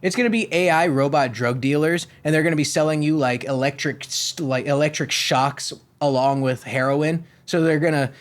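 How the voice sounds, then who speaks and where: A Florida podcast host launches into a comedic rant, profane, sarcastic, and rambling. His voice is a little high, and he moves at a normal speed with hardly any pauses.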